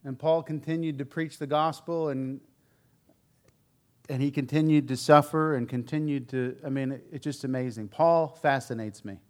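A man preaching a sermon, telling the story in a candid, conversational way with frank asides, swinging between loud emphasis and quiet, low remarks. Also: steady tone, moderate pace.

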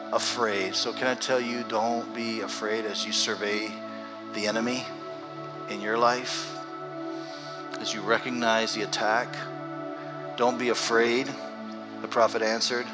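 A man preaching a sermon as pastor, swinging between loud emphasis and hushed, earnest stretches. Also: medium pitch.

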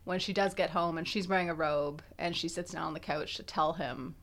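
A young woman co-hosts a casual chat, her voice on the lower side. She thinks aloud, piling up fillers and restarting sentences as she works toward a point. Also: steady tone, brisk, a bit bright. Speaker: podcast co-host.

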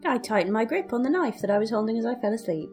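High, lively woman playing a character. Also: fast talker, faint music behind. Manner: animated, earnest and questioning. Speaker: player. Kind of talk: playing a character in a tabletop game.

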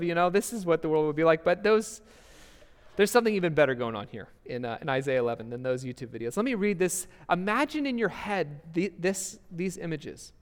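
A man's voice: sits high, smooth. A young man preaching a sermon in a church, earnest and conversational, asking the listeners questions and restarting phrases as he goes. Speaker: pastor. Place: church sanctuary. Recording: hall reverb.

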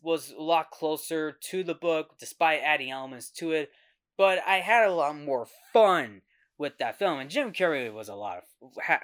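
A male podcast host talks casually about movies at a middling pitch. He rambles, often restarting sentences and repeating phrases as he works out his opinion. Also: bright, forceful tone. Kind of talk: casual movie review talk.

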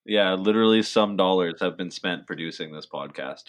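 A man's voice: sits low, normal speed. A man co-hosting a podcast, teasing his friends in casual banter. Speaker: podcast co-host.

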